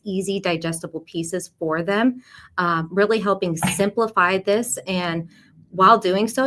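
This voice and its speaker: A woman's voice: medium pitch, a bit bright. A woman hosting a caregiving livestream, introducing topics and guests with fillers and repeated words. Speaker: livestream host. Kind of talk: livestream panel talk.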